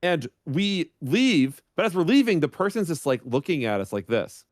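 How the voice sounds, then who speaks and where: A man's voice: a little high, normal speed, dry recording. A man on a podcast casually telling a funny anecdote, acting out the voices of the people in it. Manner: animated, acts out voices in his anecdotes. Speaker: guest streamer.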